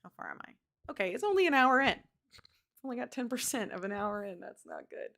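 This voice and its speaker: A woman's voice: on the high side, very animated, a little fast, vocal fry, fairly bright tone. A woman reading a novel aloud on a live stream, chatting back to the chat between passages. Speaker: book reader on a live stream.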